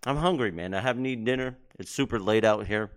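A man's voice: fairly low pitch, quick pace, smooth. A man hosting a casual podcast, giving loose hype-man introductions and joking with his friends while he eats. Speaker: podcast host. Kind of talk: casual chat.

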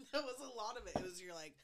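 A woman's voice: fairly high pitch, very noisy. A young woman who is a guest on a podcast, telling stories animatedly, laughing often and swearing. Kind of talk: casual chat.

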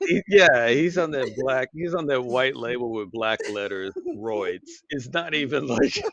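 A man's voice: medium pitch, measured pace, a crowd in the background. A man co-hosting a podcast, telling a story in casual chat, swearing often and acting out what people said. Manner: animated, swears a lot, acts out quotes in shifting voices. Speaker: podcast co-host. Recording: dull lo-fi sound.

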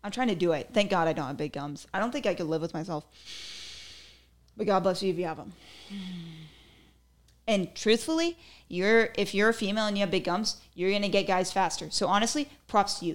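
A woman's voice: medium pitch, fairly quick. A young woman hosting her own podcast, talking casually on her own, full of "like" fillers and giggly asides. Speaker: podcast host. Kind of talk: casual solo podcast chat.

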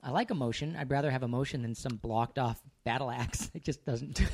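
A man's voice: mid-range voice, measured pace, long pauses, a little mellow, husky. A man co-hosting a podcast in casual chat, teasing his wife with affection. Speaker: podcast co-host.

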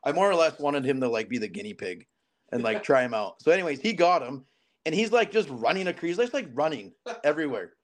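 A man's voice: a little high, fast talker. A man in his thirties from southern Alberta, a podcast guest telling a story casually and acting out the dialogue. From southern Alberta, Canada. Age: 30s. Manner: animated, acts out quoted dialogue.

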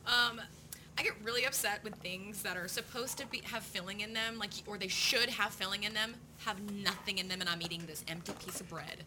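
A woman chatting casually on a podcast and telling a story in a relaxed way. Her voice sits at a middling pitch, with clear background noise behind it. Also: a little fast. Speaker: podcast co-host. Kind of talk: casual chat.

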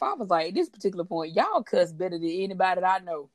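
A woman co-hosts a relaxed faith talk broadcast in a fairly low voice. She chats freely, laughs often and restarts sentences as she goes. The sound is dry and close, with no room around it. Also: quick pace, no room sound. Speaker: podcast co-host. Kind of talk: casual faith talk chat.

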